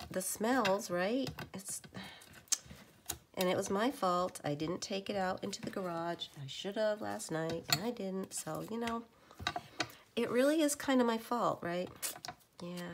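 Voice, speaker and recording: A woman chatting casually at her home craft table, rambling and often dropping into a soft whisper. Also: mid-range voice, creaky, noisy background. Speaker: crafter making journal ephemera.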